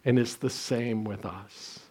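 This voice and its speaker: A man's voice: medium pitch, steady tone, slow, a little mellow, slight background noise. Storytelling pastor in his sixties. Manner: storytelling, self-deprecating humor, frequent restarts. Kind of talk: sermon.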